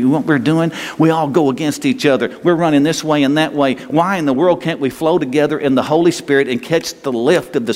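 A man's voice: medium pitch, darkish tone. A man preaching a sermon as a pastor, folksy and rambling, with restarts and small chuckles. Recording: long hall reverb.

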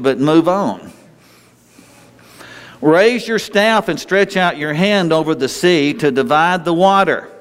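A man delivering an animated, conversational sermon, his voice sitting a touch higher than most men's. He breaks off mid-phrase, restarts, and asks the room questions as he goes. A long hall reverb trails every line. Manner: animated, conversational preaching with frequent restarts and asides. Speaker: pastor.

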